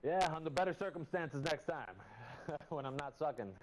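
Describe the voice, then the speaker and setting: A man playing a video game with a friend over voice chat, excitable and swearing often. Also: fairly high pitch, normal speed. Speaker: teammate on voice chat. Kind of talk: casual gaming chat.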